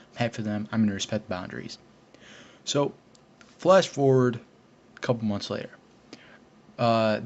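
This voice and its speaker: A teenage boy telling a long story from his school days in a casual, rambling way, with lots of fillers and restarts. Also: fairly low pitch. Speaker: vlogger. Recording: dull lo-fi recording with faint hiss.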